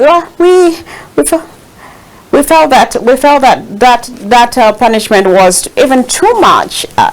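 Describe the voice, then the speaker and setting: A woman hosting a live call-in program, her voice sitting a little low. She talks with frequent ums, uhs and restarts. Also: poor audio. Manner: hesitant, many fillers and restarts. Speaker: show host.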